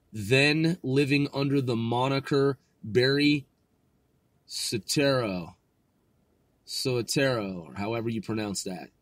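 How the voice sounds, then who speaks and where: A man hosting a casual video, reading web pages aloud and commenting as he goes, with many fillers and pauses. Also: medium pitch, dry recording. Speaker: conspiracy video host.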